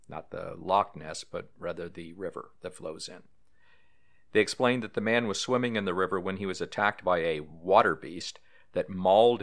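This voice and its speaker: Man, very deep voice, podcast host, casual reading, offhand asides. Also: a bit bright. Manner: reads trivia and history aloud with asides.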